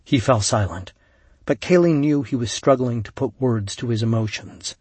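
A man reading an audiobook in a measured, solemn way, recorded close on a studio mic. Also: mid-range voice, darkish tone, breathy edge, no room sound. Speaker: audiobook narrator. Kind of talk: scripted narration.

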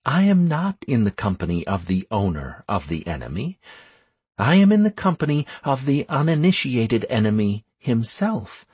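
A man voicing a young female siren in an audiobook, speaking calmly and respectfully. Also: mid-range voice, normal speed, slightly rough, no echo.

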